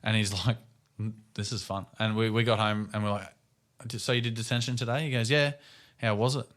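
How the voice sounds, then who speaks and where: A man's voice: medium pitch, level tone, fast talker, a bit bright. An Australian man in his thirties chatting on a podcast, making dry jokes and telling stories about his children. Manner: dry, wry jokes and asides. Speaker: podcast co-host. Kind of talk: casual chat.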